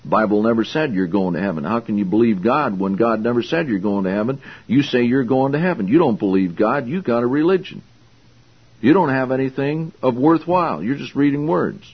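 A man preaches a sermon expounding the Bible in a husky, medium-pitched voice that's animated and brisk. He's emphatic and confrontational, firing pointed rhetorical questions, and the lo-fi recording sounds slightly dull.

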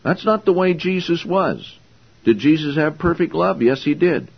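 A man's voice: fairly high pitch, animated, moderate pace, vocal fry, husky. A man preaching a sermon, emphatic and confrontational, with pointed rhetorical questions, in a slightly dull lo-fi recording. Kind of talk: sermon, Bible exposition.

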